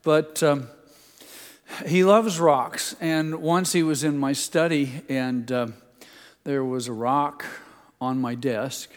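An older pastor preaches to a gathered congregation, sharing folksy family stories in a teasing storyteller's style. He speaks slowly with fairly even intonation in a slightly high voice, and the large hall leaves a long reverb tail.

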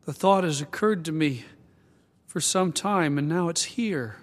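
Older pastor preaching in a reverberant church. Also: male voice, a little high. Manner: reflective, earnest, slowing and softening at tender moments. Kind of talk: sermon. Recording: long hall reverb.

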